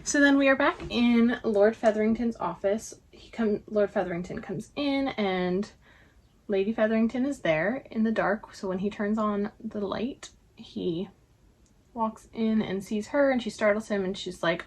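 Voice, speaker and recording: A woman's voice: medium pitch, a little slow. A young woman casually recapping a TV episode, retelling it chattily with frequent fillers. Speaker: show recap vlogger.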